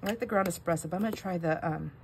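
A middle-aged crafting channel host talks very fast in a lowish, darkish voice, telling family stories in a meandering, self-interrupting way while stamping. A little hiss or hum runs under the audio.

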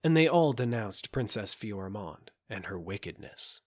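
A man narrating a fairy tale audiobook in a measured, gentle storytelling manner. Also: lowish voice, sing-song. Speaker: audiobook reader.

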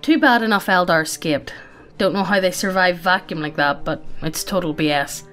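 A woman reads a sci-fi story aloud in a plain, casual, matter-of-fact voice at a middle pitch. Her delivery is unhurried and conversational, with quick laughs slipping in, and faint music plays underneath. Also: fairly bright tone. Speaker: story narrator.

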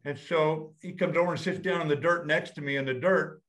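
An older man, a retired general, telling a story to an audience in a plain-spoken, blunt way and slowing down to stress his points. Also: fairly high pitch, fairly even intonation, a bit bright. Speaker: retired general, guest speaker.

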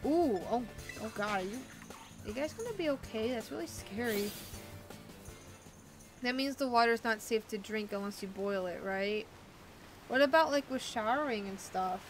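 A woman's voice: fairly high pitch, moderate pace, pauses often, music in the background. A woman streamer chatting and rambling casually as she plays a video game. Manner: rambling, chatty, thinking aloud. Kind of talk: casual chat while playing a video game.

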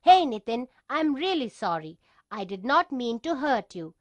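A woman's voice: fairly high pitch, sing-song, unhurried, no room sound, dull audio. A woman reading the lines of a big schoolboy in a children's storybook, teasing at first and later shy.

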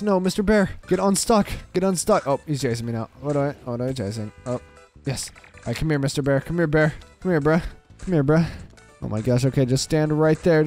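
A young man giving excitable, frustrated commentary while playing a game. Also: fairly high pitch. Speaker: gaming video creator.

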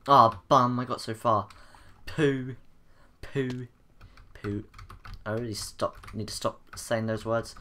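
Slow-talking gamer guy. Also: mid-range voice, steady tone, pushed and bright. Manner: frustrated, self-mocking and chatty. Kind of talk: gameplay commentary.

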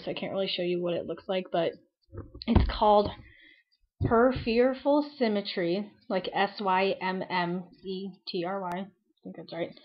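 A woman's voice: mid-range voice, dull audio. A woman of about nineteen chatting casually to camera in a rambling vlog, full of likes and ums. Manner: chatty and rambling, heavy use of "like" and "um". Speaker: beauty vlogger.

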